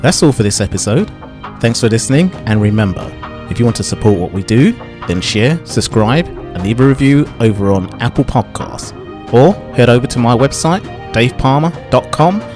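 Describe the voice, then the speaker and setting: A man's voice: mid-range voice, moderate pace. Man reading a podcast outro over music. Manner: loud, steady read. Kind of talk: scripted outro.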